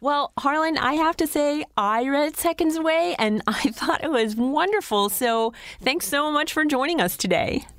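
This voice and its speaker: A woman's voice: high-pitched, lively intonation, normal speed, hardly any pauses, fairly bright tone. A woman hosting an interview in a friendly, upbeat way. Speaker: interview host. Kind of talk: interview chat.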